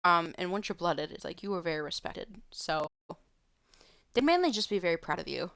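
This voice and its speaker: A woman's voice: on the low side, animated, normal speed, vocal fry, a bit bright, smooth, dry recording, studio quality. A woman streamer at home, answering viewer questions in a loose, rambling way with many fillers and restarts. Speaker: live streamer. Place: home room.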